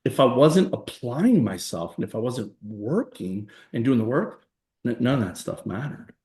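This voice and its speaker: A man's voice: medium pitch, normal speed. Emphatic man telling stories in a roomy space. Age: 40s. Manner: emphatic, animated storyteller acting out quoted voices. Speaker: guest. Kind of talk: conversational storytelling interview.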